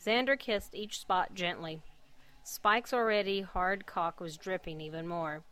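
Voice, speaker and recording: A woman hosting a podcast, reading a story aloud in an earnest, measured way. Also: fairly low pitch, pushed and bright. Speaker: podcast host and fanfic reader.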